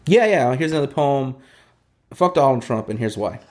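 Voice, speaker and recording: A man in a casual interview. He talks his thoughts through in a halting, reflective way, with many restarts, and breaks into rhythmic, profane spoken-word delivery. His voice sits in a middle pitch. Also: animated. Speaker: poet, interview guest.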